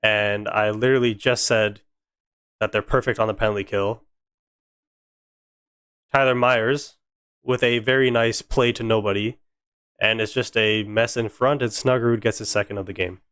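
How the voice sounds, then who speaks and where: Exasperated young fan calling hockey. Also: male voice, fairly low pitch, fairly even intonation, normal speed, pauses often, a bit bright, smooth, no room sound, clean studio sound. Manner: exasperated, sarcastic fan commentary. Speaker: fan streamer doing live commentary. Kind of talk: fan play-by-play commentary on a live stream.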